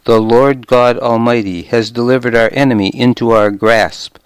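A man's voice: medium pitch, fairly even intonation, normal speed, smooth, dry recording, natural voice. A man reading the part of a zealous, pompous male priest who speaks with triumphant, preachy certainty.

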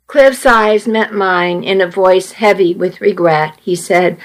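A woman narrating a first-person story in an audiobook, measured and earnest. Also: mid-range voice, rough recording.

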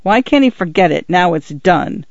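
A man's voice: high voice, expressive, normal speed, no room sound. A man voicing an irritable, impatient ranch father who speaks in clipped lines, recorded on a dull, dry track. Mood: angry.

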